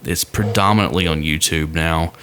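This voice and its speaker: A man's voice: deep voice, normal speed, noisy background. A man co-hosting a casual podcast chat, rambling with lots of fillers and restarts. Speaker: podcast co-host. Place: home studio with his dog nearby.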